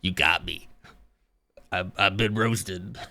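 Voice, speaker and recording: A man's voice: low-pitched, slow, gravelly, pushed and bright. A man streaming live, chatting casually with his viewers, rambling and joking at his own expense, often laughing.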